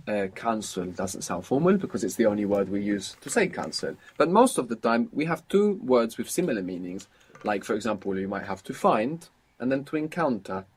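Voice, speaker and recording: Husky man teaching patiently. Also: fairly low pitch. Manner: patient, prompting, explanatory. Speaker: language teacher. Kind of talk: guided language lesson.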